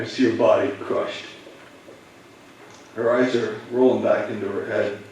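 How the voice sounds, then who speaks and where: A man, a police officer, telling students a personal story in a halting, emotional way. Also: on the low side, darkish tone, a little hiss or hum. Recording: echoey room, voice from far off.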